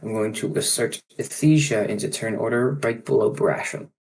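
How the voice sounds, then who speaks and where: A man narrating as game master of a tabletop game online, halting often with ums and restarts. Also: lowish voice, vocal fry, darkish tone, poor audio. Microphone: online voice chat microphone.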